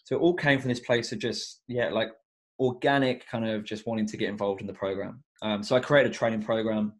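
Young man, education coach, low voice, earnest, reflective, lots of fillers. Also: steady tone, a little fast. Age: young adult. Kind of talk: casual podcast interview.

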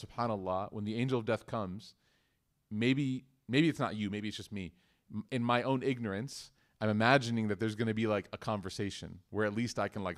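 A man with a fairly low voice leads a religious class. He talks in a relaxed, conversational way. He keeps turning to the room with questions. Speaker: religious teacher. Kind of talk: interactive class lecture.

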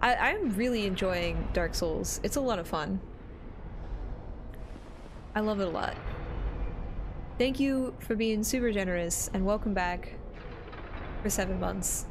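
A woman's voice: mid-range voice, measured pace, long pauses, background noise. A woman streaming a video game, chatting casually and greeting her viewers by name. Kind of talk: casual gameplay commentary.

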